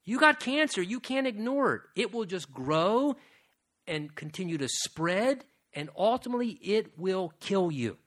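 A man's voice: high voice, big pitch swings, a little slow, a bit bright. A man preaching a sermon, earnest and direct, building to emphatic appeals to his listeners. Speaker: pastor.

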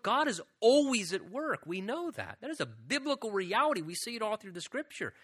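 Bright-voiced man preaching a sermon. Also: sits high. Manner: earnest preaching, often repeats "again" and "right?". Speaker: pastor.

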